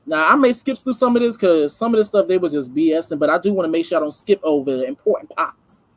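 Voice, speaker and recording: A woman hosts a commentary vlog, reading lines aloud and stopping to talk them over with her viewers. Her delivery is emphatic and conversational, with a lively pitch that rises and falls often as she repeats words for weight. The sound is dry and close. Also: fast talker, dry recording. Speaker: host of a reaction channel.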